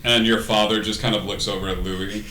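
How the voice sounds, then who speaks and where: Man as game master, relaxed, rambly narration. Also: on the low side, echoey room. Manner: casual, halting with many fillers.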